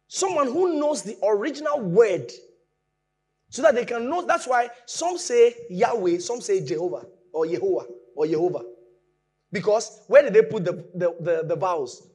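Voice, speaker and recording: A man preaching a sermon, explaining with lively emphasis that rises from quiet asides to raised points. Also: high-pitched.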